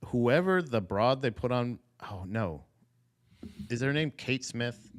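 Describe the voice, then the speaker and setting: Ranting, animated man podcast host. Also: mid-range voice, slow. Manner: animated ranting, profane, laughs. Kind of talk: casual podcast chat.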